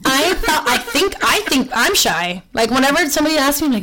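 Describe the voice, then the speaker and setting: A woman from Miami with a Miami accent, a podcast guest chatting casually, telling animated stories, acting out voices and slipping into Spanish. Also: high-pitched, fast talker, hardly any pauses, a little hiss or hum, low-quality recording. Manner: animated storytelling, acts out voices, switches into Spanish. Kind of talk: casual chat.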